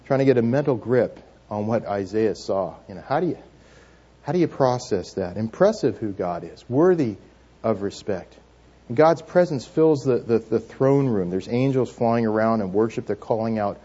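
A male pastor preaching a sermon, asking the congregation questions and leading call-and-response, swinging between hushed and loud moments. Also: fairly low pitch, animated, normal speed, husky. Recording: dull lo-fi church recording.

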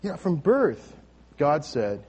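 A man preaching a sermon in a relaxed, conversational way, with restarts as he talks. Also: fairly high pitch, takes it slowly, husky, muffled recording. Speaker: pastor.

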